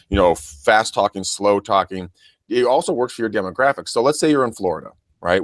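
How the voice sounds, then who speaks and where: A man's voice: fairly low pitch, dry recording. A man coaching real estate agents in a casual podcast, chatty and full of restarts. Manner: chatty, stammering, addresses listeners as guys.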